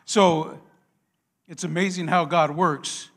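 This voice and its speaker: A pastor delivers his sermon in an easygoing, chatty way, telling stories and laughing at himself. His voice sits a little higher than most men's. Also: steady tone, slow pace. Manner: conversational, warm storytelling with self-deprecating laughs.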